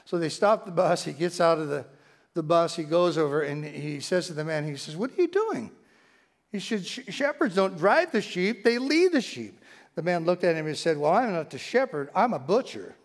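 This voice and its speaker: Animated man preaching a sermon. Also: a little high, moderate pace. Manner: animated storytelling, swings from loud emphasis to hushed tones. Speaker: pastor. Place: church sanctuary.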